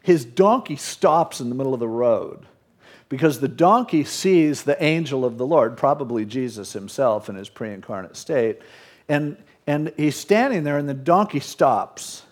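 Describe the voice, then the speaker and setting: A man's voice: mid-range voice, expressive, measured pace. A male pastor preaching a sermon, retelling scripture in casual modern speech.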